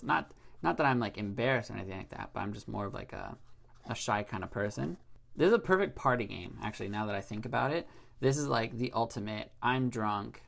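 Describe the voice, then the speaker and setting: A man's voice: medium pitch, vocal fry. A young man hosting a board game unboxing, reading dare cards aloud in a rambling, hesitant way and laughing at them.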